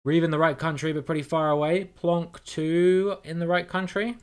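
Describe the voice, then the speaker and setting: A man's voice: on the high side, level tone, normal speed, clean tone. A man giving chatty, playful live-stream commentary while playing a guessing game with his viewers, greeting them by name and swearing casually.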